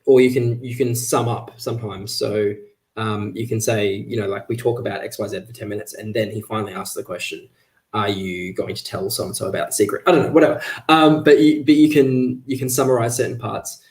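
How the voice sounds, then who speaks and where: A man's voice: mid-range voice, steady tone, brisk, darkish tone. A man talking casually as an author guest on a livestream, chatty, with many fillers and restarts, over a video call.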